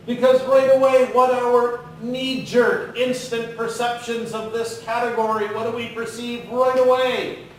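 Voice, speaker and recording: A man giving a live motivational business talk in a large room, animated and coaxing the audience to call out answers. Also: extremely high pitch, unhurried, slight background noise. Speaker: keynote speaker. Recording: very echoey hall, far from the mic.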